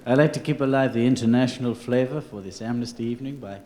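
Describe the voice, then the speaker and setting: A man's voice: mid-range voice, fast, darkish tone. A man in a mock French accent singing a comic song on guitar on a theatre stage, braying like a donkey between verses. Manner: sings in a put-on French accent with donkey brays. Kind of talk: live comedy song performance. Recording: roomy live hall with music.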